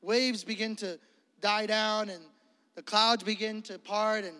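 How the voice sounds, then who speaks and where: High-voiced animated preacher, dry sound. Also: male voice, unhurried, clean tone, no echo. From Florida. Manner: animated and comedic, acting out scenes. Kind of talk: sermon.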